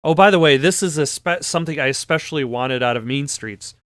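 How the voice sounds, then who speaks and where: A man gives casual gameplay commentary, reading the game text aloud and adding wry asides. His voice is smooth and resonant. The sound is dry and close. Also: fairly high pitch, a little fast, a bit bright, no echo. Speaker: let's play host.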